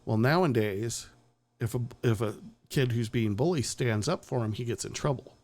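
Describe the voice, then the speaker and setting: A man's voice: mid-range voice, normal speed, a little mellow. Guy hosting a podcast, blunt and sweary, laughs a lot, middling voice. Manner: blunt and profane, with frequent chuckles. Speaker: podcast host. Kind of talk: casual opinion talk.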